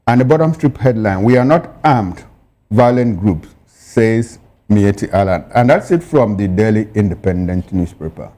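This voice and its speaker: A man's voice: fairly low pitch, expressive, normal speed, warm tone. A man co-hosting a newspaper review, reading headlines and dropping pointed, opinionated asides. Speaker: news show co-host.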